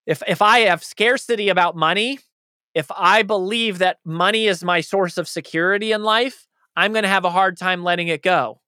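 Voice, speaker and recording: Bright, passionate man, dry clear sound. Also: sits high, no room sound. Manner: passionate and emphatic. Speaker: author and interview guest. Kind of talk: conversational interview answers.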